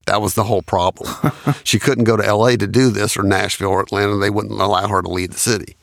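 Man, 60s, gravelly, dry close recording, anecdotal with frequent laughs. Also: lowish voice, steady tone, fast, no echo. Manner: anecdotal, laughs often while recounting. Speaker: studio engineer and producer. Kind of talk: storytelling in an interview.

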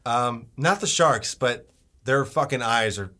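A man's voice: mid-range voice, unhurried, pushed and bright. A young man co-hosting a podcast in casual, laid-back banter, swearing often and laughing a lot. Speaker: podcast co-host.

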